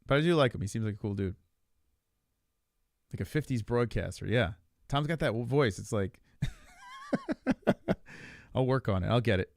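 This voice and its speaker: A man co-hosting a casual podcast, talking in an animated, profane and rambling way. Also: mid-range voice, a little fast, long pauses, no room sound, studio quality. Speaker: podcast co-host. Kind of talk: casual chat about fights.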